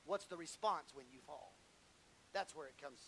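A man preaching a sermon, swinging from shouted fervor to low, intimate asides and stumbling over repeated words when worked up. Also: normal speed, slight background noise, poor audio.

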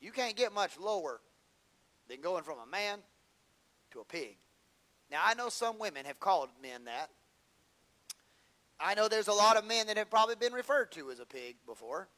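Bright high-voiced preacher man. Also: sing-song, moderate pace, long pauses. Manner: folksy, humorous storytelling with Southern slang. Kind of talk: sermon.

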